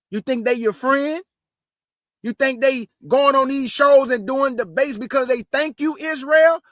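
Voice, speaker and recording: A man's voice: very high-pitched, fairly bright tone, dry recording, studio quality. A man preaching a fiery sermon, speaking in a blunt, streetwise and combative way and reading scripture aloud with rising emphasis.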